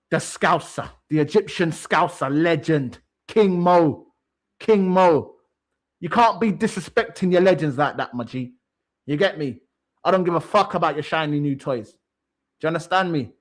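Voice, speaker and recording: High-voiced man ranting about football. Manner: emphatic, repetitive, swears a lot. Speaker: co-host of football talk show. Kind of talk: heated casual football rant.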